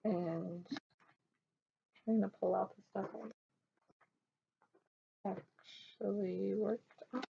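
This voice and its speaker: A woman vlogger chats casually at home about her stitching projects, rambling with fillers and restarts in a show-and-tell style. Her medium-pitched voice is gravelly and mellow, very slow, fairly even in intonation, with long pauses. The recording sounds dull and lo-fi, with faint background noise.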